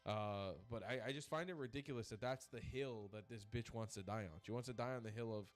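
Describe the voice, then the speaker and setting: Man streamer, heated crude rant, repeating himself, middle pitch. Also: a little fast, few pauses, faint music behind. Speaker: live streamer reacting to clips. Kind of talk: ranting commentary.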